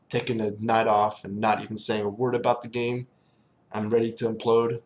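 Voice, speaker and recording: Profane, exasperated man ranting. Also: medium pitch. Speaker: sports fan vlogger. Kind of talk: casual ranting vlog.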